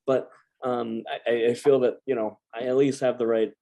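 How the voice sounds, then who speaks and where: A man in his thirties, a veteran guest telling a family story in casual chat, animated and full of restarts. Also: medium pitch, moderate pace.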